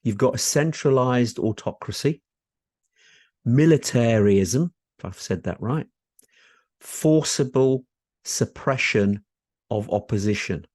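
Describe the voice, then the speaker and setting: A man's voice: mid-range voice, lively intonation, takes it slowly, long pauses, a little mellow, slightly rough, dry recording, clean studio sound. A man co-hosting a talk podcast, upbeat and chatty, laughing often. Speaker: podcast co-host. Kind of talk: casual chat.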